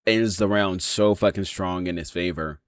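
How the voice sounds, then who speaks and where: A man's voice: sits low, normal speed, no echo. A man casually breaking down a fight, rambling with lots of fillers and frequent swearing. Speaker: MMA reaction channel host.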